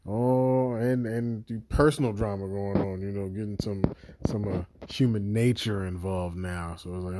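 Profane, animated man reviewing a series. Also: lowish voice, normal speed, dry recording. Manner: profane, animated storytelling with acted inner voices. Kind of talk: casual spoken review.

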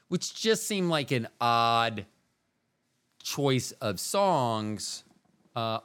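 Podcast guy rambling solo, smooth clear voice, wry, keeps cutting himself off. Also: mid-range voice, a bit bright. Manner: meandering, self-interrupting, wry. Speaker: podcast host.

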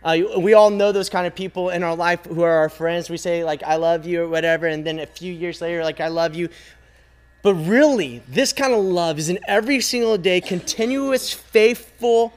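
Emphatic high-voiced man preaching. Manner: repetitive, emphatic preaching with dramatic pauses. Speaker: youth pastor. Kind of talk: sermon.

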